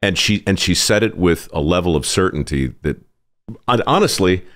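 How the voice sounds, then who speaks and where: A man's voice: low-pitched, lively intonation, normal speed, fairly bright tone. A man hosting a podcast in casual conversation, with dry, wry humor. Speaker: podcast host.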